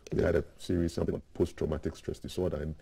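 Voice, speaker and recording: A man hosting an interview, asking calm, supportive questions. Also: very deep voice, rapid-fire, vocal fry, husky. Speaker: host.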